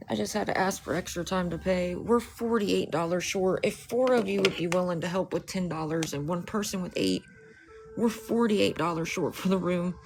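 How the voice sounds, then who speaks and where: A mid-range voice with a little hiss or hum comes from an indoor space with dogs. The livestreamer talks casually, apologizes often, repeats the same plea for money, and grows bitter and angry at a rival.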